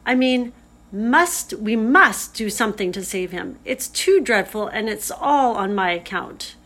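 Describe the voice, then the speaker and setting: A woman's voice: medium pitch, animated, a little slow, fairly bright tone. A woman reading aloud, voicing an anxious, tender-hearted young girl who pleads breathlessly. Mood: distressed.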